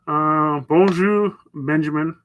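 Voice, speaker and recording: Reading viewer messages on his casual live stream, a host from the Northwest Territories, Canada, rambles and chats away. His voice leans high with a fairly bright tone, heard through slight background noise on a low-quality recording.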